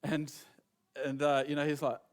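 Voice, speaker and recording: A man gives a sermon, his voice sitting a little higher than most men's. He rambles through an anecdote in a casual way and acts out each person's lines as he quotes them. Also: completely flat delivery, moderate pace. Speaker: preacher. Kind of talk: sermon storytelling.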